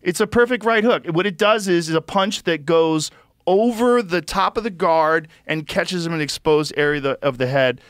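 A man hosting a podcast, talking in an emphatic, punchy way and swearing freely. His voice sits a little higher than most men's. The sound is dry and close, with no room echo. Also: normal speed. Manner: emphatic, swears freely, acts out quotes loudly. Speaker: podcast host. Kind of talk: casual podcast chat.

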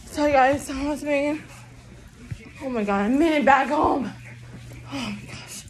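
A high-voiced young woman talks to her phone as she walks outside, slow and breathless, with a faint hiss of street noise behind her. Her speech rambles loosely and keeps circling back to "you guys.". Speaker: vlogger. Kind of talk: casual vlog chat. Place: outdoors walking around town.

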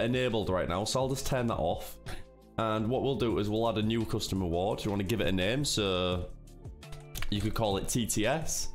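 A man streamer casually explaining a tutorial step by step, chatty and full of fillers, often calling his viewers "guys". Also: mid-range voice. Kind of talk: casual screen-recorded tutorial.

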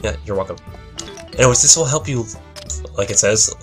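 Low-voiced young man mumbling gameplay commentary. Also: brisk, faint music behind. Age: young adult. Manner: mumbling, rambling with self-corrections. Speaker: let's play commentator.

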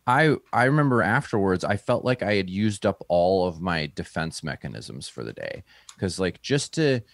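A man who is a comedian, telling a story in a relaxed interview and acting out the people he quotes in a higher voice. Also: normal speed, vocal fry, no room sound, clean studio sound. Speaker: stand-up comedian, guest.

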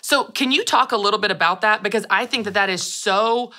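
A woman's voice: mid-range voice, a little fast, sharp tone. A woman host in casual interview chat, upbeat and laughing often. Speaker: podcast host.

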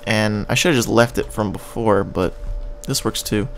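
A man's voice: fairly low pitch, steady tone, a little slow, a little hiss or hum. Rambling Canadian guy narrating gameplay. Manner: rambling and joking, hums and scats tunes while playing. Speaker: gaming channel host. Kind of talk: casual gameplay commentary.

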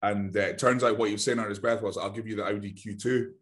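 A man with a Glaswegian Scottish accent rambles through a story in casual podcast chat. His voice sits fairly low. He swears freely and slips into the voices of the people he describes. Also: steady tone, fast talker. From Glasgow, Scotland. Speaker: podcast co-host.

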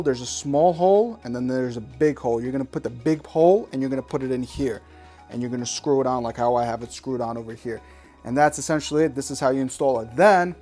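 A man walking viewers through installing a computer part, talking in a slangy, exasperated, ranting way. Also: medium pitch. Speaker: tech reviewer. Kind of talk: casual product install walkthrough.

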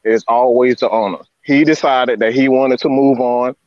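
Man, hoarse, distraught, stammering, plain pitch, lo-fi dry sound. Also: fairly even intonation, moderate pace, a little mellow, no room sound. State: hoarse, lost voice. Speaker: co-host of a fan sports show. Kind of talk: emotional live sports fan chat. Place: at home, hot house.

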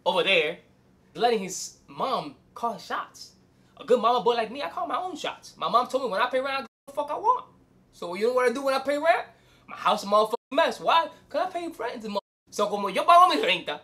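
A young man hosting his own channel, ranting casual advice to the camera in an animated, swearing way, switching between English and Spanish. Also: extremely high pitch. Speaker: host.

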